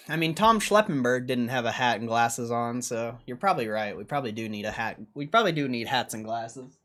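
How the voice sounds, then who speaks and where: A man's voice: medium pitch, expressive, a little fast, hardly any pauses, fairly bright tone. Young guy streamer, rambly and jokey, talking to himself between little laughs, plain mid voice. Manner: joking, rambling self-talk with frequent laughs. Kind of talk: casual livestream chat.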